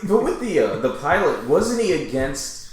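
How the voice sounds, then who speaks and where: A man's voice: on the high side, very animated, moderate pace, background noise. Man joking in a very echoey room. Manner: joking, rambling, laughs often. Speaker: podcast co-host. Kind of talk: casual comedy chat.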